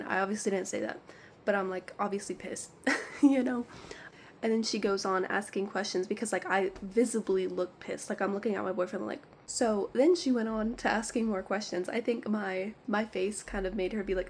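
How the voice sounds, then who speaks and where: A woman vlogger talks straight to camera, telling a story in a loose, rambling way and sprinkling "like" through nearly every line. Her tone is exasperated and candid, at a medium pitch, with a faint hiss of noise underneath. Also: steady tone, a little fast. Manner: rambling and exasperated, heavy use of "like". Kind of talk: casual storytime chat.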